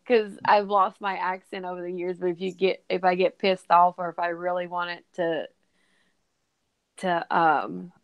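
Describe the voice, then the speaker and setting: A woman's voice: lowish voice, flat delivery, moderate pace, smooth, lo-fi sound. A woman from North Carolina with a faded Southern accent, chatting and telling stories with lots of giggles. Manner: giggly, drawling storyteller. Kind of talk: casual chat.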